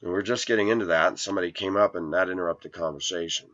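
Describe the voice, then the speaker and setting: Low-voiced man rambling through a grievance. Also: fast, a bit bright. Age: 40s. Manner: earnest, aggrieved storytelling. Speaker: vlogger. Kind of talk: rambling personal monologue. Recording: dull lo-fi recording.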